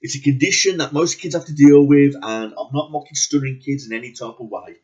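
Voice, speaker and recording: Ranting husky man. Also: mid-range voice, steady tone, brisk, darkish tone, dull audio. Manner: swears constantly, repeats words for emphasis. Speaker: movie reviewer. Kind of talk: angry profane movie rant.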